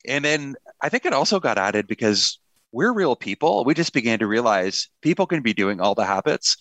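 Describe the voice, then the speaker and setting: A man's voice: mid-range voice, sing-song, normal speed, fairly bright tone, no room sound. A middle-aged man, a pastor and author, talking earnestly in a conversational interview with a touch of self-deprecating humor.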